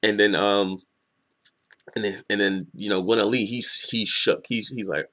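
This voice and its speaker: Young man, casual review, excitable, profane, rambling, lowish voice. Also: moderate pace. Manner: rambling, excitable, swears a lot, laughs often. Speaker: manga reviewer.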